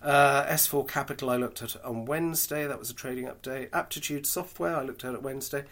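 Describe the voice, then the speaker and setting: A British man talking through a long list of companies in a casual solo podcast. He is frank and chatty, drops dry asides, and pauses on fillers. His voice sits at a middling pitch. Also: a bit bright. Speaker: podcast host. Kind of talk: casual solo market commentary.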